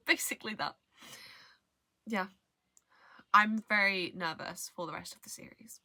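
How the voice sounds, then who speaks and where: Young female book vlogger, casual and rambling, bright voice, dry close sound. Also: mid-range voice, steady tone, unhurried, dry recording. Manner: rambling, trails off, hesitant restarts. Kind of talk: casual book review chat.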